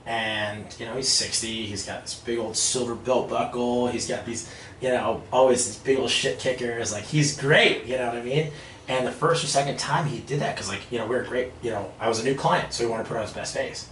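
A man chatting casually, telling animated stories and laughing as he goes. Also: mid-range voice, a little fast. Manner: animated, laughs through stories, acts out voices. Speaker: podcast guest. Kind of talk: casual storytelling chat. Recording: echoey room, mic at a distance, faint noise.

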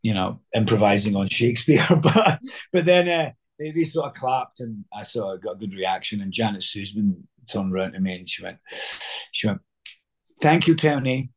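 A man's voice: lowish voice, moderate pace, husky. A middle-aged Scottish man, an actor being interviewed, telling rambling anecdotes full of fillers. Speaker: guest actor. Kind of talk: casual interview storytelling.

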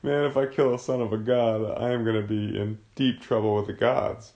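A man's voice: on the low side, fairly even intonation, moderate pace, a little mellow, muffled recording, close to an everyday voice. A man briefly voicing a panicky Roman governor in casual slang while teaching. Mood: alarmed.

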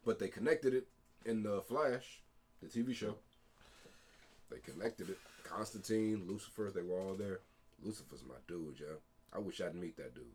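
A man co-hosting a podcast in casual chat, animated, swearing and laughing often. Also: deep voice, moderate pace, breathy edge. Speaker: podcast co-host.

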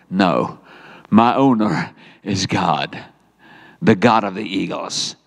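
This deep, creaky-voiced man speaks slowly and pauses often. He's a middle-aged South African pastor preaching a sermon, animatedly telling a story and acting out quoted words, with an echoey hall sound around him.

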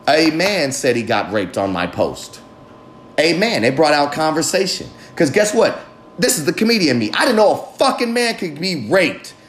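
A man hosts his own podcast, rambling through a casual, profane monologue that jumps between loud outbursts and quiet mutters. The sound is roomy.

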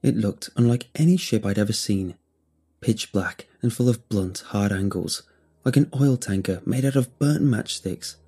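A man narrating a first-person horror story in a measured, grave telling. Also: on the low side, warm tone, breathy edge.

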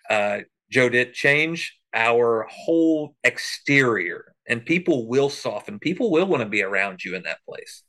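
A man's voice: mid-range voice, pushed and bright. A man co-hosting a faith podcast, making points with emphatic, preacher-like energy. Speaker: podcast co-host.

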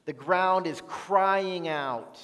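A man preaching a sermon as pastor, earnest and unhurried, reading Bible passages aloud. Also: high-pitched, a bit bright. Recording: long reverb of a large hall.

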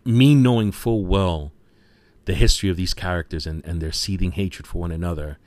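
Deep-voiced man enthusing over a film. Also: no echo. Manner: enthusiastic, retells scenes with quoted lines; frequent fillers like "you know". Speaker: film reviewer. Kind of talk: casual spoken movie review.

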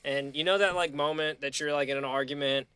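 Male podcast host, casual storyteller, bright edge, profane and animated. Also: fairly high pitch, a little fast, slight background noise. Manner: profane, animated storyteller who acts out quotes.

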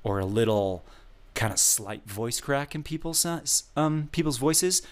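A man's voice: mid-range voice, lively intonation, unhurried. A man co-hosting a casual podcast, patiently explaining vocal technique and demonstrating. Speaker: co-host giving a voice lesson.

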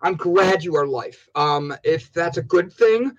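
A man co-hosting a casual live stream, excitable, laughing often and calling out viewer names. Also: on the high side, measured pace, highs cut off. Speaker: livestream co-host.

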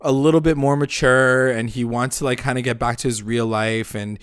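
A man co-hosting a casual recap chat, talking fast and loose and slipping into the characters' lines as he retells scenes. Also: mid-range voice, clean tone, dry recording, clean studio sound. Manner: animated, acts out characters' lines mid-story. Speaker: podcast co-host.

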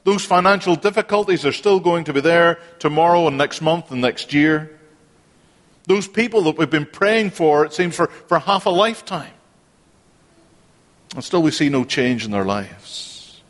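A man preaching a sermon, earnest and repeating phrases for emphasis. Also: medium pitch. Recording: long hall reverb.

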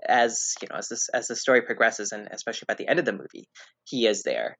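A man guesting on a casual film podcast, speaking in a measured way with frequent "uh" and "you know". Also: on the low side, big pitch swings, creaky, fairly bright tone. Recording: dull, slightly lo-fi audio.

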